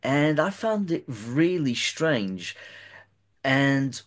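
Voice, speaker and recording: A man's voice: on the high side, big pitch swings, slow. A man interviewing a guest and recounting a personal experience at length, often hesitating and repeating words as he talks.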